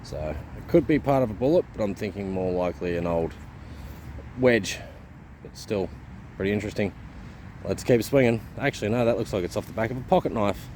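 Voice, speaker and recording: A man's voice: on the low side, fairly quick, a little mellow, slight background noise. An Australian man hosting a casual metal detecting vlog outdoors in the bush, talking in a laid-back, slangy way and chuckling often. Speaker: host.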